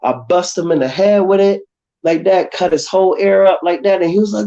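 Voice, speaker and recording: A man's voice: high-pitched, a little fast. A man telling a rowdy story in casual livestream talk. He acts out the other people in the story as he goes. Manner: animated, acts out voices in his stories. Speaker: guest. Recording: dull, lo-fi call audio.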